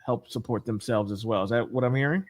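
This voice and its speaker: A man's voice: medium pitch, fast talker. A man hosting an interview, recapping the guest's points with restarts and short backchannels. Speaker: podcast host. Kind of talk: interview host.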